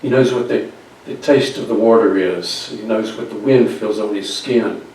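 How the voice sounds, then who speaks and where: A male pastor telling a Bible story in a conversational sermon with halting restarts, recorded from a distance in an echoey church. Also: fairly low pitch, darkish tone, a little hiss or hum. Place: church sanctuary. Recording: very echoey hall, distant mic.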